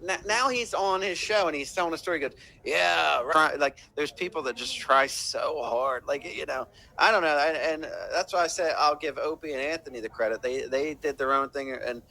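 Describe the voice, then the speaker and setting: Podcast cohost guy, bright voice, swears a lot while telling stories. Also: on the high side, a little fast, few pauses. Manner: profane, storytelling. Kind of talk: casual chat.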